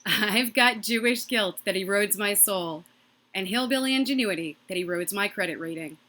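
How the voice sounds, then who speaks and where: A woman doing a stand-up comedy set from her own microphone on a video call, delivering quick, punchy jokes and laughing at her own lines. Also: medium pitch, heavy background noise. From Massachusetts.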